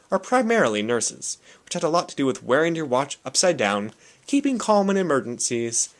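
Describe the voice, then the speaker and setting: Young guy reading a book out loud, really lively up-and-down voice. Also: mid-range voice. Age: young adult. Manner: expressive, animated storytelling. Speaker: audiobook reader. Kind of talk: reading a novel aloud.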